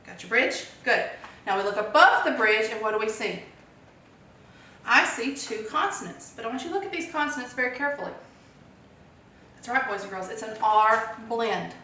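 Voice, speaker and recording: Upbeat woman teacher, higher voice, coaxing young pupils through a lesson, answers her own questions; distant mic, heavy room echo. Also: animated, moderate pace, long pauses, pushed and bright, slight background noise. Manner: cheerful, encouraging, asks and answers own questions. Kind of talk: children's phonics lesson.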